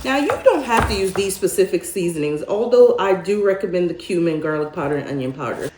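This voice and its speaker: A woman's voice: on the low side, lively intonation, a little fast. A middle-aged woman chatting casually through a home cooking tutorial, homey and laughing easily, saying "y'all" and "child.". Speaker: cooking vlogger. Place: home kitchen. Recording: roomy kitchen echo, clear background noise.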